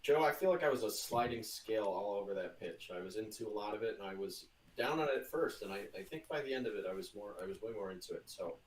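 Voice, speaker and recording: A man judging pitches on a casual podcast, hesitant and thinking aloud. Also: lively intonation, fast, hardly any pauses. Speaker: podcast judge. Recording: echoey, from far off the mic.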